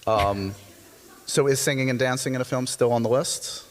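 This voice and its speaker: A man's voice: medium pitch, normal speed. A man hosting an interview, asking questions in a joking, teasing way. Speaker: interview host. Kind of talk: interview chat.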